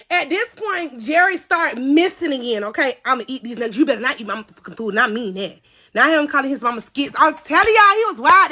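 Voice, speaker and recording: Bright, high-voiced woman telling a story live. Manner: animated and profane, laughing often, addressing viewers as y'all. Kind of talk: casual storytime chat to a live audience.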